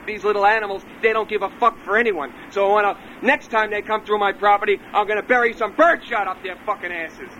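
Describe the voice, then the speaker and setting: A man's voice: sits high, fairly even intonation, fast, hardly any pauses, bright, forceful tone, a little hiss or hum. A man making a prank phone call, belligerent and swearing in nearly every sentence, over a dull lo-fi recording. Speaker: prank caller.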